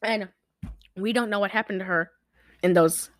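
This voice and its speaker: A woman co-hosting a podcast, casually retelling a movie with animated storytelling and lots of fillers. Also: medium pitch, normal speed, dry recording, clean studio sound. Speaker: podcast co-host. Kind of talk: casual movie recap chat.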